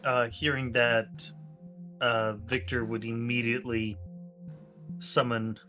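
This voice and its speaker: A man's voice: mid-range voice, level tone, slow pace, sharp tone, highs cut off, faint music behind. A man playing a tabletop game, playful and self-mocking. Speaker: player. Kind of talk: casual tabletop play.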